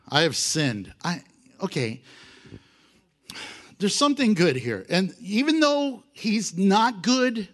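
A man teaching a Bible lesson with a lively voice that swings up and down in pitch, sitting a bit higher than most men. He laughs often and acts out the apologies he quotes. The delivery is a loose, casual teaching style.

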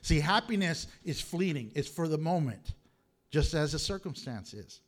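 A man with a high, light voice delivers a sermon from the pulpit. He preaches in an animated, joking way and slips into lively impersonations. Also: normal speed. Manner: animated, humorous preaching with acted quotes. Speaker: pastor.

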